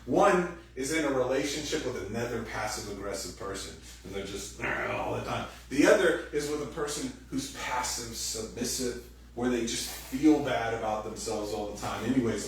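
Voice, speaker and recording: A man giving a sermon as pastor, animated and conversational, acting out quoted voices loudly. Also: medium pitch, moderate pace. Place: church hall. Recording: very echoey room, distant mic, faint noise.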